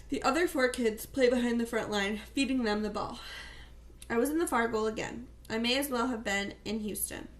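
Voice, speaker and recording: A woman reading a first-person novel aloud in a plain, steady storytelling manner. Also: a little high. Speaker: audiobook reader.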